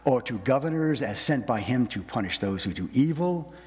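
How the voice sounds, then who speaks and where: A male pastor preaching a sermon, often repeating words and pausing with fillers as he speaks. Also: medium pitch, expressive, a little mellow, long reverb tail. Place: church sanctuary.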